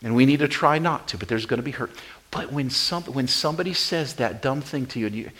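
Male pastor, sermon delivery, mid-range voice, emphatic repetition, dynamic swings between loud and quiet. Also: mid-range voice, a little fast, poor audio. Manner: repeats key phrases for emphasis.

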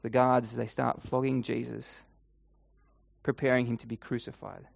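A man preaching a sermon, retelling a scene vividly in the second person and slowing down and softening his voice for emphasis. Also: mid-range voice, level tone, gravelly, no room sound.

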